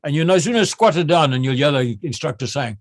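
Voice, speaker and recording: Older retired officer, reminiscing, restarts often, raised-pitch voice, dry close recording. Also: male voice, expressive, fairly quick, no room sound. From South Africa. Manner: repeats words when starting, acts out shouted drill calls. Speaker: retired general interviewee. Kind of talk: recounting memories.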